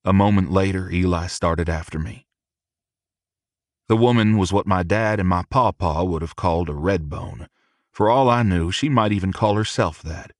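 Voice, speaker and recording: A man narrating a first-person audiobook in a measured, steady reading. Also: low voice, no echo, clean studio sound.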